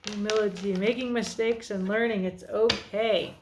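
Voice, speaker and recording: Slow, gravelly woman reading tarot cards. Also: fairly low pitch, background noise. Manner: chatty, self-deprecating, thinking aloud. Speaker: tarot reader. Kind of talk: casual tarot card reading.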